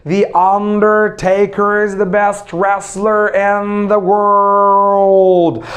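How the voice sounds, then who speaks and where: Male English teacher, slow and repetitive pronunciation drills. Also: sits high, flat delivery. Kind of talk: pronunciation lesson.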